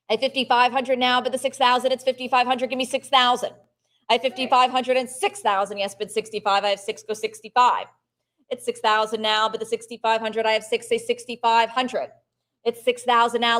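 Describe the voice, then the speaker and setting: High-pitched lady auctioneer chanting bids, pushing folks for one more. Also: a bit bright. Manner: brisk chanted bid calls, coaxing bidders, quick art commentary. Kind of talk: live auction bid calling.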